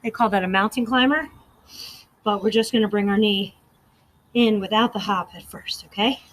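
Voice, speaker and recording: A woman's voice: mid-range voice, moderate pace, rough recording. A woman fitness instructor leading a workout and counting reps aloud, out of breath and encouraging.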